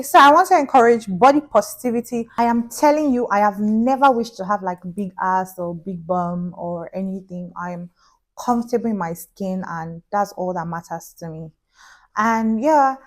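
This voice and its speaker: Young woman vlogger, mid-range voice, chatty storyteller who drops into pidgin. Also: mid-range voice. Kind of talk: casual storytelling vlog.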